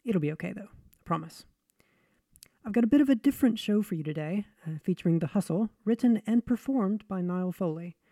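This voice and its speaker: A woman's voice: medium pitch, animated, brisk, warm tone, dry recording. A woman hosting a story podcast, introducing the episode in a friendly, reassuring way. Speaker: podcast host. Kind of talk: casual show introduction.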